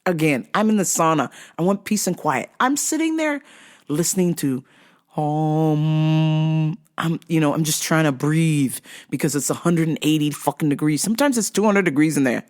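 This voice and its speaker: A vlogger telling a casual, profane story in an animated way, acting out the people in it. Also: mid-range voice, normal speed. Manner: animated and profane, acts out quotes.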